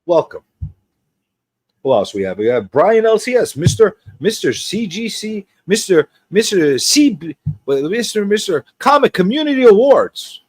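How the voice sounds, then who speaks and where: A man hosts a casual livestream, rambling and teasing as he greets viewers. His pitch swings widely from line to line. The sound is dry and close, with no room around it. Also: big pitch swings, normal speed, a little mellow, breathy edge, dry recording. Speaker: host.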